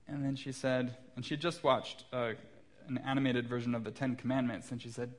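Speaking in a mid-range voice with little pitch movement and a somewhat quick pace, this thirtysomething pastor delivers a sermon in the church sanctuary. He tells stories about his young children, poking gentle fun at himself.

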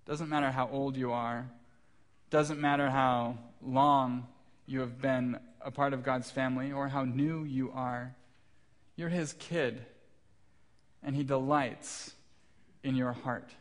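Speaking slowly and steadily at a medium pitch, this pastor in his thirties delivers a sermon in a church sanctuary. He shares anecdotes about his young children, poking gentle fun at himself.

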